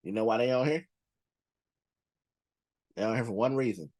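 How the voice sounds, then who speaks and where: A man's voice: medium pitch, moderate pace, a little mellow. A young man hosting a movie reaction channel, talking through a ranked list in loose, slangy, rambling casual commentary full of fillers.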